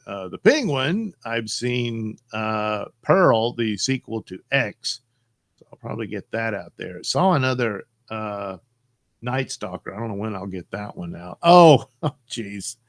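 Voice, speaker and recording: Middle-aged male streamer, loose and jokey, lively pitch, dry close sound. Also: no room sound. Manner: rambling, jokey, reads chat aloud. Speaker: live stream host. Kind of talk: casual live stream chat.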